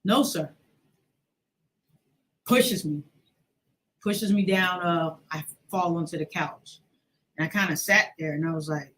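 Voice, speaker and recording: A woman's voice: lowish voice, normal speed, long pauses, fairly bright tone. A woman in her forties, hosting a show, telling a personal story with emotion and acting out the voices in it. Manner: emotional, acts out quoted voices. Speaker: host.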